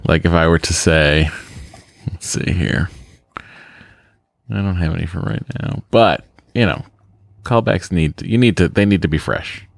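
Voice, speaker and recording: A man's voice: low-pitched, a little slow, vocal fry, long pauses, no room sound, studio quality. A man from the Boston area co-hosting a podcast in casual, rambling, self-mocking chat. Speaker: podcast co-host.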